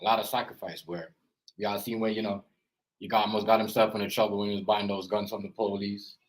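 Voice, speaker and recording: A man's voice: fairly low pitch, level tone, fast, rough recording. A man and father giving casual reaction commentary, rambling and earnest, filling his talk with "you know" and "as I said". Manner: earnest, lecturing tone about parenting. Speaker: parent and reaction vlogger.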